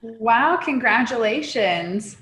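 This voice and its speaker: A woman's voice: fairly high pitch, expressive, takes it slowly, a bit bright, echoey room. A woman hosting an interview, asking encouraging, affirming questions. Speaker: interview host.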